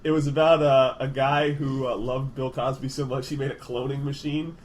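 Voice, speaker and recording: A man's voice: medium pitch, little pitch movement, normal speed, slight background noise. Laid-back man joking on a podcast. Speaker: podcast co-host. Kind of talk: casual chat.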